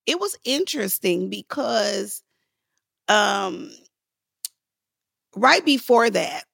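A woman guest in a podcast interview, telling stories in a lively way and acting out the voices of the people she quotes. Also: very slow, gravelly, husky, no echo, studio quality. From Los Angeles. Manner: acts out quoted voices with big pitch jumps, laughing, lively. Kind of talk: animated storytelling in a podcast interview.

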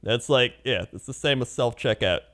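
A man co-hosting a casual chat, telling animated stories and mimicking people. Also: normal speed. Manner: animated storyteller, mimics people in high voices.

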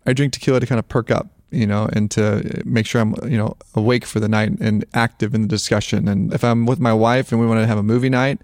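Male podcast guest, low-pitched, rapid casual delivery, dry sound. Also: no echo. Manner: quick, relaxed and conversational. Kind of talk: casual chat.

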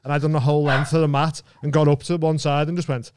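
A man's voice: fairly high pitch, flat delivery, fast, darkish tone. A young man hosting a podcast, trading crude jokes and laughing often. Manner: laughing, jokey, crude banter. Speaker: podcast host. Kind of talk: casual chat.

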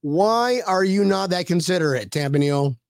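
A man's voice: high-pitched, lively intonation, normal speed, gravelly, no echo, clean studio sound. A man in his thirties co-hosting a casual show, joking, laughing and swearing freely. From Florida. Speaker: podcast co-host. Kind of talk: casual chat.

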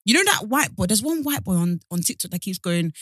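A woman co-hosting a podcast, chatting casually and animated with strong opinions. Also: medium pitch, a little fast, breathy edge, dry recording, clean studio sound. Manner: animated, opinionated, laughs often. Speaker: podcast co-host. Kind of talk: casual chat.

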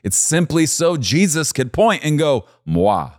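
A man preaching a sermon, animated and repeating key phrases for emphasis. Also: fairly high pitch, moderate pace, no echo, clean studio sound. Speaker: pastor.

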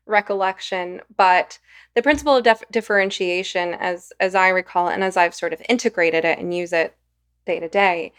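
A woman hosting a podcast, speaking in a measured, thoughtful, self-deprecating way. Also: lowish voice, a bit bright, clear, resonant tone. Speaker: host. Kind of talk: podcast interview.

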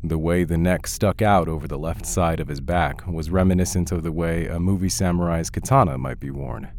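A man narrating a horror story in a measured, storytelling way. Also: deep voice, fairly even intonation, a little mellow. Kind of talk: scripted audiobook narration.

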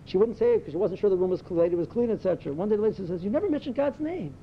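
A man giving a Torah talk as a rabbi, telling stories full of Yiddish and Hebrew words and climbing to excited emphasis. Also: racing. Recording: dull lo-fi recording with faint rumble.

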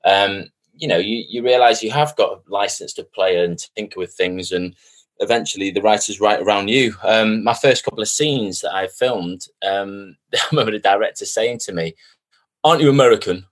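Chatty actor, lowish voice. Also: male voice, moderate pace. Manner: chatty, self-mocking storyteller, lively quoting. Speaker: actor guest. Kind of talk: casual interview chat.

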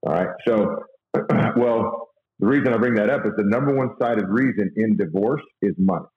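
Man, low-pitched voice, earnest and halting, roomy dull recording. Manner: halting, many fillers and restarts, earnest. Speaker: guest sharing faith and money advice. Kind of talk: casual conversational talk.

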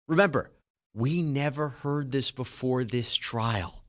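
A man's voice: fairly high pitch, expressive, a little slow, a bit bright. A man hosting legal news, explaining trial testimony emphatically. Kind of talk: trial analysis commentary.

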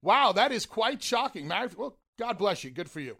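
A man's voice: high-pitched, sing-song, normal speed, creaky, sharp tone. A man hosting a radio interview, playful and teasing, often stammering and restarting his questions. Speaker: radio show host. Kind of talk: casual interview.

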